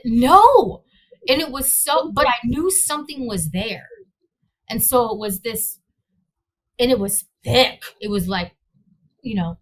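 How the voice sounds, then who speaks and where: A woman's voice: mid-range voice, measured pace, pauses often, a bit bright. A woman guest telling a personal story in a rambling way, searching for words and acting out her own reactions. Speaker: interview guest.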